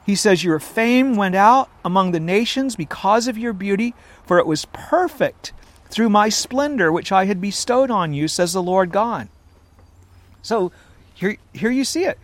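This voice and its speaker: A man's voice: high-pitched, animated, a little slow, no room sound. A man preaching a sermon, earnest and emphatic, reading scripture at length.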